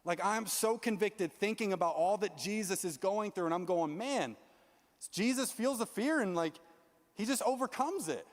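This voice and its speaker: A young man preaching a sermon as youth pastor, earnest and animated, often restarting his sentences. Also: sits high, normal speed, in a large hall.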